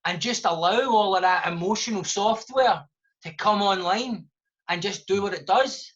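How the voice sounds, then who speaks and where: A man's voice: sits high, normal speed, fairly bright tone. A Scottish man, a guest author, talking fluently and passionately in a live podcast discussion. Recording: dull lo-fi sound.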